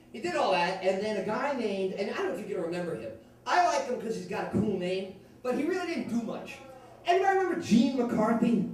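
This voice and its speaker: A man's voice: extremely high pitch, brisk, far from the mic, slight background noise. A man performing a rambling, profane stand-up comedy set on a club stage. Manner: profane, rambling, animated storytelling. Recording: echoey club recorded from afar.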